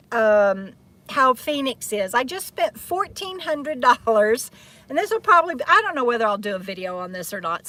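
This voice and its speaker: A woman's voice: fairly high pitch, pushed and bright. A woman from Texas, chatting casually and rambling on a live stream while sitting outdoors by an RV, laughing often and talking into a handheld phone. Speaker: vlogger hosting a live chat. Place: outdoors in the shade beside an RV.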